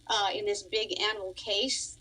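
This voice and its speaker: A woman's voice: medium pitch, flat delivery, a little slow, bright, forceful tone, husky, poor audio. A woman in her forties from Long Island chats easily as a guest on a radio interview. She is a musician and piano teacher who laughs often while telling her story. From Long Island, New York.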